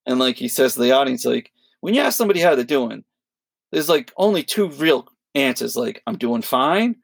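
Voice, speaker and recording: A man co-hosting a podcast, telling a long story in a rambling, animated way, full of fillers and quoted voices. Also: mid-range voice, normal speed, vocal fry, dry recording. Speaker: podcast co-host. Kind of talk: casual storytelling chat.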